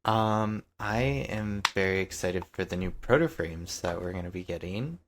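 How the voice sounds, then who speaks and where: A man's voice: sits low, moderate pace, a bit bright, slight background noise. A man co-hosting a gaming podcast in casual chat, hesitant with many fillers. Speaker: podcast co-host.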